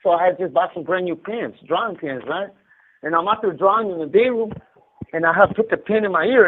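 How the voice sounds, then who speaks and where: A man on a prison phone line tells rambling stories with plenty of cursing. His voice sits fairly high and swings widely in pitch. The line is thin and tinny, like an old phone. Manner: animated storyteller, heavy swearing. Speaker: incarcerated caller. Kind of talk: casual phone chat.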